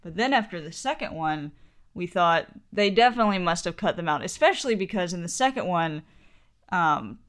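A woman co-hosting a podcast, chatting in an amused, animated way. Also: on the low side, a little fast. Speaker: podcast co-host. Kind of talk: casual chat.

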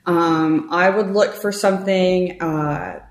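A chatty woman in her thirties tells her story as a realtor, her voice sitting a little low. She talks with lively, filler-laced ease, and the room around her rings with echo. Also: slow pace. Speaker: realtor guest. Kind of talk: conversational interview. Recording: roomy echo.

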